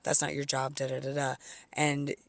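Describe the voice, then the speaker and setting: A podcast co-host in casual chat, chatty and quick to laugh. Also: medium pitch, completely flat delivery, creaky. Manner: chatty, laughs often, fillers like da da da.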